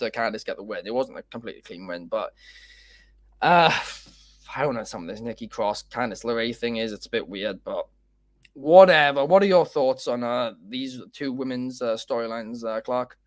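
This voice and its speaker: A man's voice: mid-range voice, lively intonation, normal speed, no room sound. A man hosting a casual wrestling chat, opinionated and rambling with many fillers. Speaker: podcast host.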